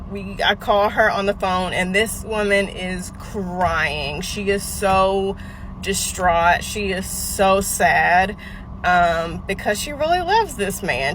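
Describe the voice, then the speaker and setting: A woman's voice: mid-range voice, fairly bright tone, a little hiss or hum, poor audio. A woman frankly telling a personal story about her past, emphatic and self-critical. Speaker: storyteller sharing a confession.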